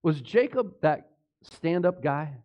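A male pastor delivers an emphatic sermon in a fairly high voice that swings widely up and down. He peppers the congregation with rhetorical questions. He often trips over a name and quickly corrects himself. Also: animated, lo-fi sound.

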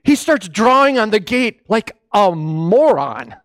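A male preacher delivering a sermon as animated storytelling, often stopping to correct himself. His voice sits high and swings widely in pitch. The sound is dry and close. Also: slow, no room sound.

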